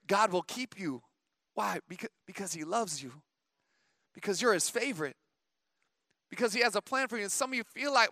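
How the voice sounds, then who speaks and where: Pastor, male, middle-aged: a high, bright voice with a dry, close sound, preaching conversationally with emphatic calls to the church. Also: expressive, moderate pace, long pauses, no room sound. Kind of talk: sermon.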